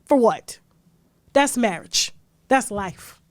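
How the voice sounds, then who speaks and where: High-voiced woman host ranting gossip, brash and cussing, dry sound. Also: expressive, takes it slowly, dry recording, faint music behind. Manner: brash, profane, rhetorical ranting. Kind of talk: gossip commentary.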